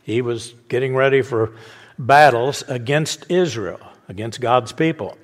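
A man's voice: medium pitch, measured pace, long reverb tail. A man giving an informal Bible teaching sermon, talking conversationally, restarting phrases and chuckling at his own asides.

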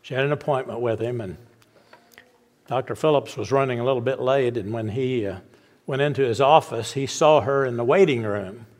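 A man preaches from the pulpit, acting out a story with slow, emphatic words and a mid-range voice. He then drops into a quieter, steady prayer tone. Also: mid-range voice. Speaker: pastor.

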